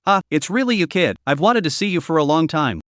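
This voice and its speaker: A man's voice: on the high side, expressive, a little fast, a bit bright, no room sound, clean studio sound. A man voicing a brash, teasing old martial emperor in a blunt manner.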